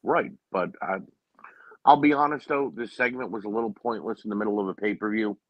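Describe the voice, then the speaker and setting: A man's voice: on the low side, fairly quick, dry recording, muffled recording. A man co-hosting a casual wrestling recap, opinionated and often saying "you know what I mean.". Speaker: podcast co-host.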